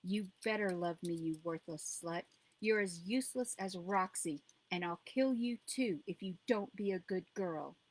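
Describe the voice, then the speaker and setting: A woman's voice: medium pitch, normal speed, hardly any pauses, close to an everyday voice. A woman reading a storybook aloud and voicing a cruel, abusive mother who snarls her lines. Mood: vicious. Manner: harsh, snarling and loud. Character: cruel drug-addicted mother, shrieking and abusive. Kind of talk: audiobook reading.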